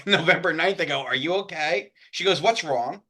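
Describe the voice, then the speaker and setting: A man's voice: on the high side, normal speed, pushed and bright. A man in casual chat, animatedly retelling a text exchange and acting out both sides. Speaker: co-host. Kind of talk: casual chat, reading out chat messages.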